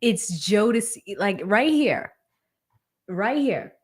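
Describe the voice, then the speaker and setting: A woman's voice: mid-range voice, very animated, slow pace. A woman hosting a casual livestream, laughing often and reading viewer comments aloud. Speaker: livestream host. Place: Atlanta.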